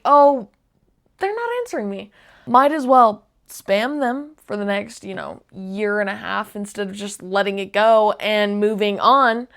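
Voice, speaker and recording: Reactive young woman reading posts. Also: fairly high pitch. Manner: reads texts aloud, reacts with disgust and laughter. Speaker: commentator reading online posts. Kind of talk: casual reaction commentary.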